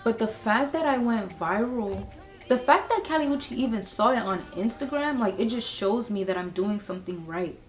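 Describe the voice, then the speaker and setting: Chatty woman vlogger, candid and animated. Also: fairly high pitch, moderate pace. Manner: candid, chatty, swings between reflective and excited. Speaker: beauty and lifestyle creator. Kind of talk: casual vlog monologue.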